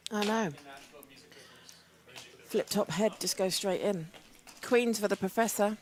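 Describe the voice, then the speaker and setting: A British woman commentating live poker hands, chatty and quick to laugh, with a headset mic in a casino booth. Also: mid-range voice. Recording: crowd chatter behind.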